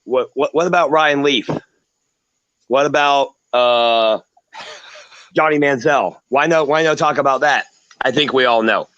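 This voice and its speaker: A man's voice: mid-range voice, a little slow, long pauses, a bit bright, no room sound. A man joining a sports talk show over a video call, ranting like a showman with mocking flair. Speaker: guest commentator. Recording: dull lo-fi call audio.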